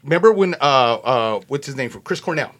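A man tells a long anecdote on a podcast, acting out the people in it with a jumpy, excited delivery. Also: fast. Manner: acts out quotes in a high excited voice, lots of "like" and "you know". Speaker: podcast guest telling a story. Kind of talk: animated storytelling.

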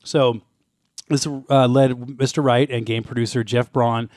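A man's voice: mid-range voice, flat delivery, measured pace, a little mellow, dry recording, studio quality. A man co-hosting a casual podcast, reading through game history notes and laughing often. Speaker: podcast co-host.

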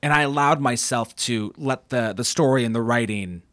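A man's voice: medium pitch, normal speed, a bit bright, no echo, clean studio sound. A man co-hosting a casual film discussion, thoughtful and hesitant, often restarting sentences. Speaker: podcast co-host.

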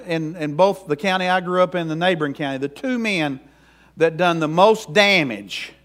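A man's voice: sits high, a bit bright. A middle-aged man preaching a sermon in a folksy, emphatic way as pastor.

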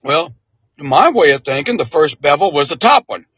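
A man, a military veteran, telling a casual anecdote in an interview, animated and chuckling often. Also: fairly high pitch, normal speed, slightly rough, no echo.

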